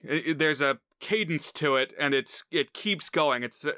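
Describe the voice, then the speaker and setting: A man's voice: on the high side, no echo, clean studio sound. A man co-hosting a podcast, discussing a film casually and acting out bits of scenes. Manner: animated, acts out lines from scenes. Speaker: podcast co-host.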